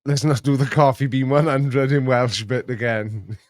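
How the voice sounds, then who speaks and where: A man's voice: mid-range voice, steady tone, unhurried, no room sound, studio quality. A man hosting a casual stream, joking, laughing often and slipping into playful voices. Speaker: host.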